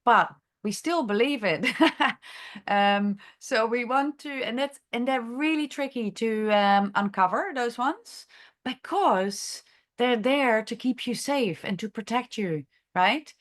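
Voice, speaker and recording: Slow, halting woman teaching a class. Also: fairly high pitch. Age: adult, has a grown daughter. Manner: halting, many fillers and restarts, thinks aloud. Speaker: chiropractor leading a masterclass discussion. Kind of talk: unscripted teaching talk.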